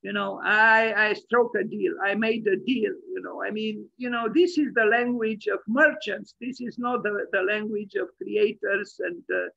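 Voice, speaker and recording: A man's voice: high-pitched, steady tone, normal speed, creaky, hardly any pauses, bright, forceful tone, dry recording, dull audio. A man giving an online architecture lecture as host, rambling and opinionated, with many fillers and restarts.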